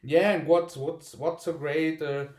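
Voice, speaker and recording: A man's voice: a little high, fairly even intonation, a little slow, darkish tone. A man chatting on a video call, often repeating words and restarting sentences. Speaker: call participant. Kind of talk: casual video call chat. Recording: roomy video call audio.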